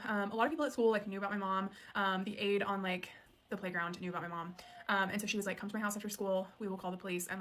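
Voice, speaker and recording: A woman's voice: medium pitch, a bit bright. A woman in her late twenties telling a personal story in a candid, casual way, full of "um" and "like". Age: late 20s. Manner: candid, conversational, many "um" and "like" fillers. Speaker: storyteller sharing her childhood.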